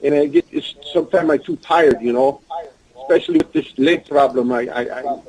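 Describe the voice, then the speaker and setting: A man's voice: mid-range voice, normal speed, darkish tone, rough recording. An older man with a Russian accent speaking broken English as an interview guest, often talking about himself in the third person. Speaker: guest, pro wrestler. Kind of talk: casual interview talk.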